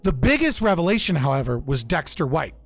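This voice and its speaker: Gravelly man talking history, casual. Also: a little high, sing-song, brisk, faint music behind. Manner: loose and profane, with frequent restarts and fillers. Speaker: podcast speaker. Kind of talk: casual political history talk.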